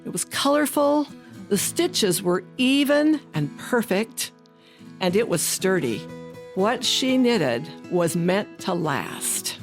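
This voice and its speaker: A woman narrating a children's story in an expressive, singsong way, slowing down for emphasis. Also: medium pitch, faint music behind.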